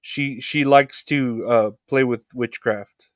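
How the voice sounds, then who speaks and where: A man hosting a podcast, talking in a halting, soft-spoken way that trails off. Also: mid-range voice, fairly even intonation, no echo, clean studio sound. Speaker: podcast host. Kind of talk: casual conversation.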